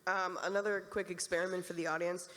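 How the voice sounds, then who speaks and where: A woman's voice: fairly low pitch, flat delivery, fast talker, a bit bright. A woman interviewing a guest on a convention panel, joking and speaking to the audience. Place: large convention hall. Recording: reverberant hall.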